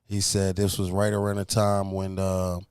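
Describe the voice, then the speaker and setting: A man's voice: deep voice, moderate pace, clear, resonant tone, dry recording, studio quality. A man co-hosting a casual podcast, retelling a story with lots of fillers. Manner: storytelling, animated when retelling. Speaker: podcast co-host. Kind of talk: casual chat.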